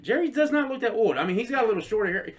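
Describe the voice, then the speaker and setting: Animated swearing man on a podcast. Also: racing. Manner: animated, swearing, acts out quotes in high voices. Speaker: podcast co-host. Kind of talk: casual drinking-podcast chat.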